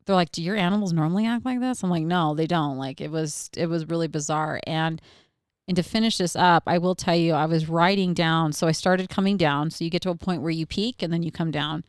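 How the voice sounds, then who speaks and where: A young woman co-hosting a relaxed podcast, her voice on the low side and smooth. She tells stories in a loose, chatty way, full of fillers and quick laughs. The sound is dry and close to the mic. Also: no echo. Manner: animated storyteller, laughs often, many fillers. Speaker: podcast co-host. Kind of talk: casual chat.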